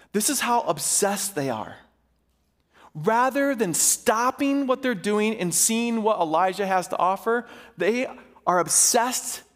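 Impassioned high-voiced preacher in a hall. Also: male voice. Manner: impassioned, swings between urgent and slow, emphatic delivery. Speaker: pastor. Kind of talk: sermon. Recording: reverberant hall.

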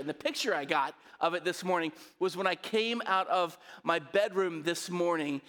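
Guy pastor preaching, kinda high voice, chatty, keeps asking the crowd to talk back, big echoey church. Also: fairly bright tone. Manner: conversational, asks the congregation to respond. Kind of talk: sermon.

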